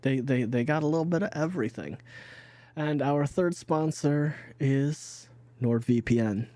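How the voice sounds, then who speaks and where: A man's voice: a little high, takes it slowly, warm tone, no echo. Guy with hiccups rambling thru sponsor reads, keeps restarting, dry close sound. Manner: rambling, restarts, laughs easily. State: has the hiccups. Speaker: game master. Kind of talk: casual sponsor read.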